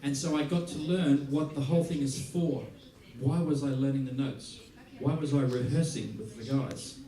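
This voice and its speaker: An Australian musician leads a masterclass in a big theater, speaking at normal speed in a mid-range voice. He tells animated stories, acts out what people said, and laughs a lot, while the echoey hall makes him sound far off.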